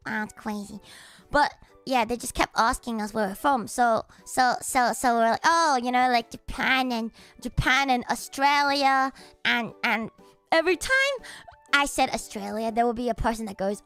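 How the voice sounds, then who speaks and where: A young woman streaming, telling stories in a chatty, animated way and laughing loudly and often. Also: high voice, normal speed, clear, resonant tone, soft background music. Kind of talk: casual chat stream.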